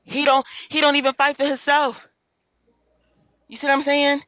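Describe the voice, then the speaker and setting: A woman's voice: high-pitched, flat delivery, moderate pace, a bit bright, no room sound, highs cut off. A woman venting in heated casual livestream chat, profane and repeating herself as she talks.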